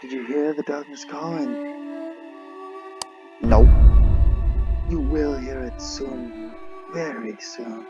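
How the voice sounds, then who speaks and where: A man voicing a sinister male vampire interrogator, speaking slowly and theatrically, dropping to whispers and swelling again. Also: medium pitch. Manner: slow, theatrical, swinging between whispers and swells. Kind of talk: reading game dialogue aloud in character.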